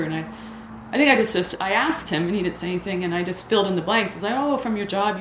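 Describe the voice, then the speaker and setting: A woman telling a personal story in a hesitant, halting way, often restarting her sentences. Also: lowish voice. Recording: echoey room with noise.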